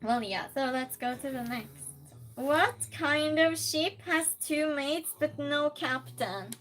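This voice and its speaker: Speaking slowly in a high-pitched voice, this livestream host keeps things relaxed and conversational. Comments from viewers get read out, and regulars are greeted loudly.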